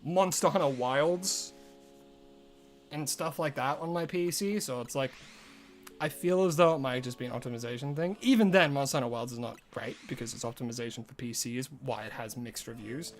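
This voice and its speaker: A male streamer chatting casually on a live stream, rambling and loose, full of "like" and restarts, with soft game music behind him. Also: medium pitch, a little fast.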